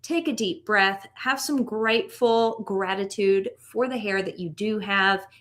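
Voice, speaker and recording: A woman's voice: mid-range voice, measured pace, fairly bright tone. A woman co-hosting a casual podcast, playful and encouraging, with jokes in her talk. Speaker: podcast co-host.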